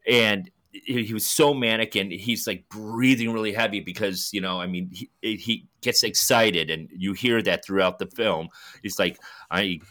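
A man talks films on a podcast in a loose, animated way, swearing freely and slipping into little acted-out bits. His voice sits fairly low but comes across bright and forceful. The delivery is unpolished and chatty. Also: moderate pace. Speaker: podcast co-host. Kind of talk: casual film discussion.

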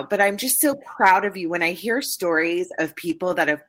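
Low-voiced tearful woman podcast host. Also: a bit bright. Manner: halting, tearful, repeats words. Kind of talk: emotional interview conversation.

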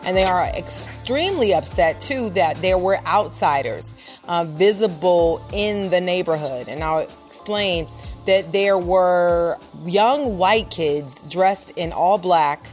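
A woman reporter with a somewhat low voice gives an urgent, emphatic account during a live interview. She talks loosely, with fillers, and soft music runs faintly under her. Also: animated, slow. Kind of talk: live interview, recounting events.

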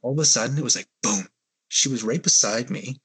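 A man's voice: mid-range voice, fairly quick, a bit bright, breathy edge. A man, a guest on a podcast, tells a personal story in a hesitant, rambling way with many fillers. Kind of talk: storytelling in an interview.

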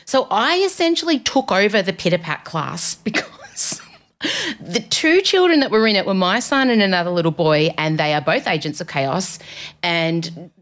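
Her voice is fairly low, expressive and a bit bright, moving at a normal speed. She's a podcast host in a studio, spinning chatty, self-mocking stories in a casual comedic monologue.

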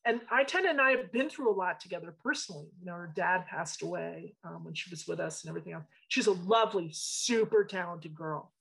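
Husky, animated woman telling stories. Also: on the low side, a little fast, few pauses, rough recording. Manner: animated storyteller, emphatic and frank. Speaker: interior design studio owner. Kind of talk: casual interview storytelling.

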